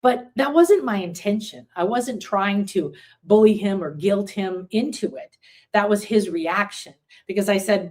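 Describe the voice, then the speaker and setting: A spiritual teacher hosts a casual live class online, chatting through rambling stories marked by fillers and restarts while she reads and answers viewer comments. Her mid-range voice is darkish and a little slow, captured through a computer setup with screen sharing.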